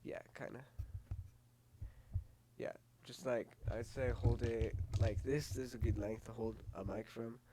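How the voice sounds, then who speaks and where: A man's voice: medium pitch, fairly even intonation, measured pace, background noise. Laid-back male podcast host. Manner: laid-back, offhand, with many fillers. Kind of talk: casual interview.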